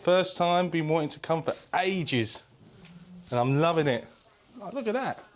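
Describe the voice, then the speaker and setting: A man vlogging a casual walking tour of an open-air museum, chatty and excitable, talking straight to his viewers. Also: a little high, moderate pace. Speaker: travel vlogger. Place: visiting an open-air museum, indoors and outdoors.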